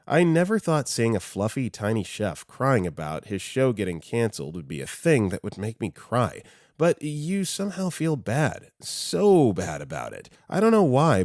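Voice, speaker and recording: A man's voice: on the low side, darkish tone, dry recording, clean studio sound. A man narrating online stories aloud, with casual laughing asides between posts.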